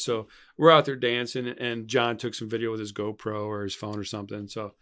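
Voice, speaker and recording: Bright, quick-talking older man chatting. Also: fairly low pitch, level tone, no room sound, studio quality. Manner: rambling, restarts and repeats himself. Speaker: podcast co-host. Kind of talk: casual chat.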